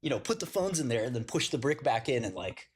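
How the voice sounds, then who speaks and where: A man's voice: mid-range voice, very animated, fast talker, husky. A man hosting a casual livestream, telling crude slangy stories and laughing often. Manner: slangy storytelling. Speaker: livestream host.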